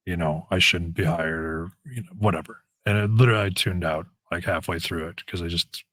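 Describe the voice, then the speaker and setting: A man with a raspy voice, a guest telling stories casually in an interview and acting out the lines of people in them. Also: deep voice, brisk, dry recording. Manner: animated storyteller, acts out quoted lines.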